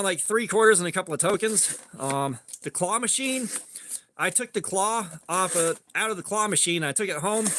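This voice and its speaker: A man with a high, crisp voice chats on a relaxed stream. He wanders through a long story in a laid-back way and breaks off to greet viewers. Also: a little hiss or hum. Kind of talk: casual storytelling while sharpening.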